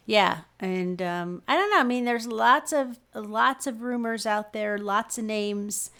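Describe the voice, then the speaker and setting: A woman's voice: fairly high pitch, a little slow, fairly bright tone. A middle-aged woman co-hosting a podcast, recapping games in a meandering casual chat with many ums. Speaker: podcast co-host.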